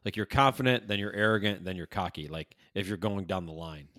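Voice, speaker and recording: A man's voice: sits low, brisk, sharp tone, no echo, clean studio sound. A man co-hosting a podcast in casual chat, swearing freely, laughing often and trailing off mid-thought. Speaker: podcast co-host.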